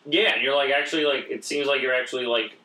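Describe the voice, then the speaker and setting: A man chatting casually as a podcast co-host, playful and quick to act out quoted voices. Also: medium pitch, pushed and bright. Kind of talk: casual chat. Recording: roomy echo.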